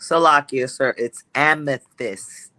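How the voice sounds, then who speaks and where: A man's voice: medium pitch, slow pace, pushed and bright. A man in the class giving brief, respectful answers.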